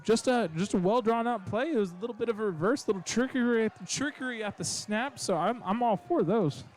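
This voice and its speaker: A man doing color commentary for high school football, chatty and joking, with plenty of fillers. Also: fairly quick.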